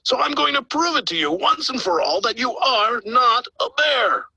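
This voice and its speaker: A man voicing a bossy, blustering male factory boss who talks loudly and indignantly in a storybook video. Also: wildly swooping pitch, fairly quick, slightly rough, dry recording, heavily acted, rough recording. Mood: condescending. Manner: loud, high and indignant.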